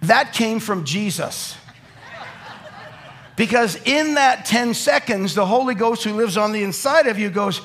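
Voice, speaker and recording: A man's voice: high voice, measured pace. A middle-aged man preaching a sermon to a live congregation in a church, telling jokes and acting out little scenes as he goes. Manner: lively, joking storyteller who acts out quotes. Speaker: pastor.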